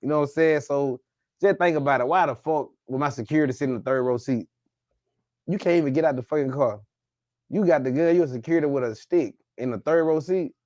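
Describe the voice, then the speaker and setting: A man's voice: fairly high pitch, fairly quick, darkish tone, no echo, studio quality. A man with a Southern Alabama accent, telling a story as a guest in a casual interview, loose and slangy.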